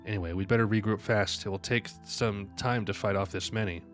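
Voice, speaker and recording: A man's voice: on the low side, fairly even intonation, soft background music. A man streaming live, reading manga panels aloud and reacting between lines, sleepy and yawning. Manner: reads every character's lines aloud between quick reactions.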